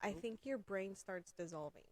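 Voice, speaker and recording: A woman's voice: medium pitch, expressive, moderate pace. A woman co-hosting a podcast in casual chat, explaining things and recounting her memories with plenty of fillers. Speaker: podcast co-host.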